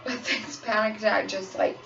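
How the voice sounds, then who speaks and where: A young woman talks frankly to her phone camera in a personal vlog confession, her voice gravelly with a lot of fry. The recording is dull and lo-fi, she sits a little back from the mic, and a pop song plays clearly in the background. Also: mid-range voice, steady tone, normal speed, fairly bright tone, far from the mic, faint music behind. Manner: candid, frank, storytelling. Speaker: waitress sharing her experience. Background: pop song playing on repeat.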